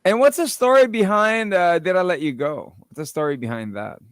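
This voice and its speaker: Casting: a man as a jokey radio host, light higher voice, dry studio sound. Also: animated, brisk, clear, resonant tone, no room sound. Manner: playful, jokey, imitates guests' accents. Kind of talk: casual interview chat.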